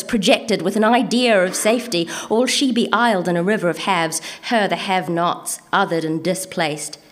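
A woman with an Antipodean accent performs her own spoken word poems at a middle pitch. Her delivery is rhythmic and measured, leaning on deliberate pauses. Between pieces she talks loosely and hesitantly. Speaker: poet reading her own work.

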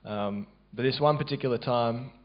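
An Australian man recounts a church testimony in a loose, halting way, restarting often and filling pauses. His voice sits at an ordinary middle pitch, and the recording sounds dull and low-fidelity. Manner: casual, halting, many fillers and restarts. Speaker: church member sharing a testimony.

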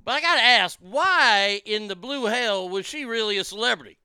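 Hosting his own show, a man delivers a casual solo monologue that rambles, irreverent and profane, into a studio mic routed through a mixing board. His high-sitting voice is expressive, sharp and clean at a moderate pace, with no echo.

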